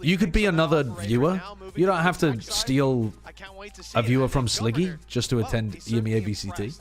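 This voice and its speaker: A man's voice: medium pitch, moderate pace, music in the background. A man co-streaming an esports match, chatting casually and joking with laughs in between. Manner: joking, animated, laughs often. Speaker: watch party co-streamer. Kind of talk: casual esports watch-party chat.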